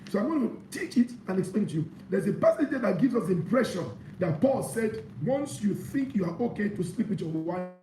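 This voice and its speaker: A man preaching a sermon, reading scripture aloud and explaining it with animated emphasis. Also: sits high, far from the mic, a little hiss or hum. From Nigeria. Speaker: pastor. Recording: echoey room.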